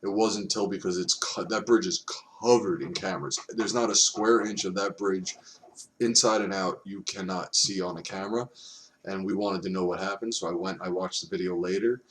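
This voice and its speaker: A man's voice: low-pitched, steady tone, a little fast, slight background noise. A man casually recounting grim work stories on a podcast, blunt and profane. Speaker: podcast host, former officer. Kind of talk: casual storytelling chat.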